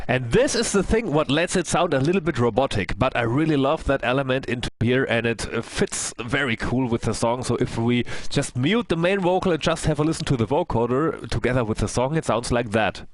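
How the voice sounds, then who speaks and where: A man, a music producer, explaining a song mix in his studio in an animated way and laughing at himself often. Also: medium pitch, fairly quick, hardly any pauses.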